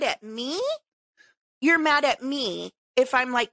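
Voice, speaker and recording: Brief: high-pitched woman podcast host, exasperated, animated ranting, close dry mic. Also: slow, no echo. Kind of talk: casual chat.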